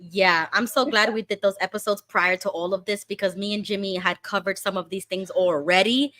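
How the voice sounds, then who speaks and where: A woman hosting a casual livestream chat, telling stories in an animated way and acting out quoted speech. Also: medium pitch, fairly quick, no echo. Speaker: host.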